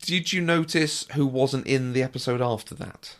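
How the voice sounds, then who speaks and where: A male podcast co-host explains a TV show's plot points in a casual, dry review chat. His voice is medium-pitched and a bit bright, at a moderate pace.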